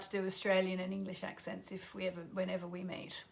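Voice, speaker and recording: A woman's voice: mid-range voice, steady tone, fast, vocal fry, few pauses, fairly bright tone. A middle-aged woman astrologer hosting a live stream, chatting casually, joking about herself and greeting viewers by name. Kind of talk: casual livestream chat.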